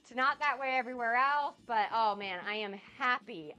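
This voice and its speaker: Bubbly high-voiced woman streamer. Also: moderate pace, smooth, muffled recording, faint music behind. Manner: bubbly, gushing and excitable. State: getting over a cold. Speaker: cooking streamer. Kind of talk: casual live-stream chat.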